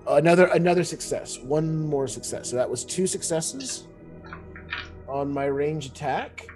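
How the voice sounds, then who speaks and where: A man's voice: fairly high pitch, expressive, unhurried, darkish tone, poor audio. A man playing a tabletop game, talking hesitantly with many fillers. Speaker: player. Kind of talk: casual tabletop game play. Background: background music.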